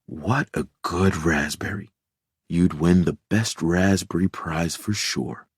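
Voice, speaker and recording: Calm doctor talking slow and soothing, deep husky baritone, dry sound, man reading it. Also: no room sound, heavily acted. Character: calm middle-aged male doctor.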